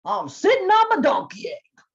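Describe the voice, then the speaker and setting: A woman's voice: very high-pitched, huge pitch swings, normal speed, lo-fi sound, pitched above the performer's own voice, heavily acted. Woman voicing a grumpy old bear. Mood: stubborn. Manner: gruff, stubborn insisting. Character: grumpy old lazy bear, cranky farmer.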